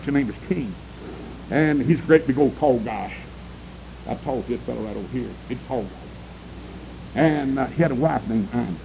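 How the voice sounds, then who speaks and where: A male preacher delivers a fiery sermon, emphatic with swooping pitch, calling out to the congregation for amens. His tone is darkish. The audio is poor, with a little hiss or hum.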